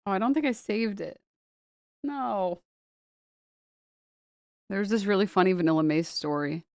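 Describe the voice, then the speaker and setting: Woman, streamer, casual commentary, laughs a lot, swears, mid pitch, dry room. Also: unhurried, a little mellow, clear, resonant tone, dry recording. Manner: laughing, swearing, reads posts aloud in mocking voices.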